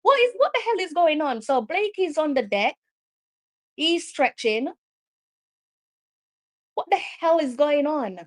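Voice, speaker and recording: Streaming her commentary over a live football match, a woman with a Jamaican accent and a fairly high voice sounds excitable and exasperated. She moves between standard English and patois as the play unfolds, speaking at a measured pace with long pauses.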